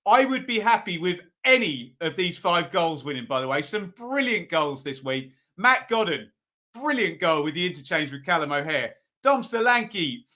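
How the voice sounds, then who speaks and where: A man hosts a relaxed football review stream. He chats with viewers and reads out their votes between frequent ums. His voice is bright and a little higher than average. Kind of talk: casual live-stream commentary.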